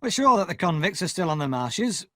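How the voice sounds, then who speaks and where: A man reading an audiobook, voicing a brisk, commanding army sergeant. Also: high voice, sing-song, pushed and bright, dry recording, clean studio sound, pitched above the performer's own voice, exaggerated voice.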